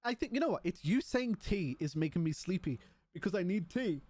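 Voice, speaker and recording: Male streamer, a touch high-pitched, sleepy and rambling, bone-dry home desk-mic sound. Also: lively intonation, a little fast, a little mellow, no room sound. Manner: chatty, rambling, yawning and tired. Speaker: livestreamer. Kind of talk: casual stream chat.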